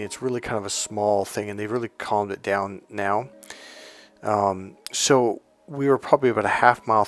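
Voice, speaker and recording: A male dating and relationship coach telling stories in a casual, rambling monologue full of restarts and asides. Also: on the low side.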